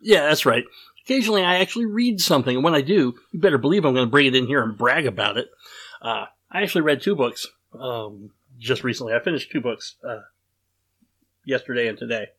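A man's voice: medium pitch, lively intonation, fairly quick, fairly bright tone, husky. A man hosting a casual podcast, rambling and self-deprecating, with lots of fillers and restarts. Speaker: podcast host.

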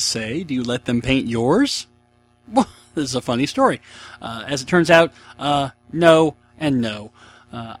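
A man in his thirties talks through a casual solo podcast in a mid-pitched voice. He rambles from one aside to the next and pokes fun at his own laziness. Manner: rambling, self-mocking, chatty. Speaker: podcast host.

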